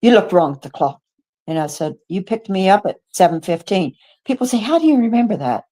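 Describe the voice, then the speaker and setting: An older woman in her seventies from the United States, a guest on a radio show, telling her own story with lively acted-out dialogue, stumbling and restarting as she goes. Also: mid-range voice, a little fast. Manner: animated storyteller who acts out quoted dialogue, with stumbles and restarts. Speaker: guest witness. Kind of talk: first-person storytelling. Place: radio studio.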